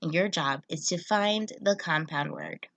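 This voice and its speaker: Young lady teacher, slow careful kid-lesson talk, kinda low voice. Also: noisy background. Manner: patient, step-by-step explaining. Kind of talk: online phonics lesson for children.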